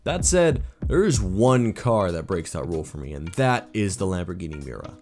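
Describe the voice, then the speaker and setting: A man's voice: sits low, big pitch swings, moderate pace, darkish tone. A young man hosting a car video in casual scripted commentary, opinionated and playful with jokey asides. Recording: music playing behind the voice.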